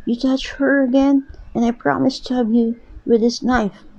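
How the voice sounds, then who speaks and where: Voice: high voice, level tone, moderate pace, vocal fry, a little mellow, dry recording, pitched above the performer's own voice. A storyteller voicing a scared but brave young boy who pleads in a shaky voice to protect his sister, in a storybook reading. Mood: pleading. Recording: dull lo-fi recording, voice set back.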